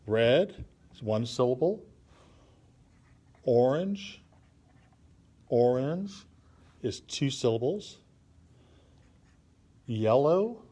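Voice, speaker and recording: A man's voice: medium pitch, a little slow, pauses often, darkish tone, husky. A man teaching children a drawing and poetry lesson on a live stream, patiently counting syllables aloud as he thinks and draws. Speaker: art and poetry instructor for kids.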